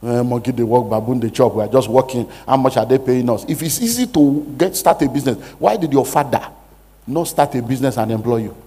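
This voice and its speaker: A man's voice: medium pitch, brisk, warm tone, breathy edge. A man who is a pastor, giving a preaching-style money lecture with emphatic rhetorical questions. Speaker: pastor teaching a money seminar.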